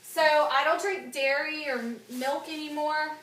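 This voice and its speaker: A woman's voice: sits high, steady tone, a little slow, a bit bright, echoey room, far from the mic, rough recording. A woman in her twenties talking openly and emotionally to the camera in a casual vlog, with many fillers. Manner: open, emotional, chatty with fillers like "like" and "um". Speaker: fitness vlogger.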